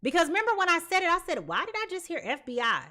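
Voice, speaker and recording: Bright-voiced chatty woman tarot reader. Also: extremely high pitch, fast. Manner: chatty and slangy, addresses viewers as y'all and child; animated, swings between loud and soft. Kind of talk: live tarot reading monologue.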